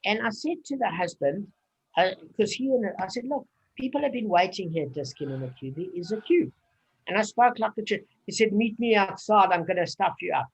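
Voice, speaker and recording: A man's voice: sits high, expressive, brisk, husky, low-quality recording. A man leading a casual Talmud study group, explaining at length with anecdotes and many fillers.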